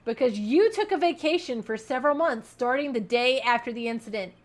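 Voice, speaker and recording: A woman's voice: on the high side, animated, a little fast, natural voice. A woman voicing an earnest young male defense attorney from a game, pressing his point. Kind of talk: reading game dialogue aloud.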